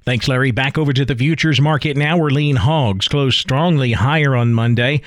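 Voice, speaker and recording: A man anchors a radio farm market report, reading figures in a brisk, even rhythm. His voice sits at a middle pitch and sounds close and dry. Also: dry recording. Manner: brisk, steady reading of prices.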